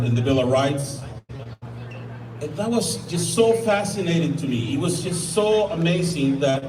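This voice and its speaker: A man's voice: a little high, noisy background. A man from Mexico with a Mexican Spanish accent gives an impassioned outdoor rally speech, often stumbling and restarting. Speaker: rally speaker. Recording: echoey, from far off, crowd behind.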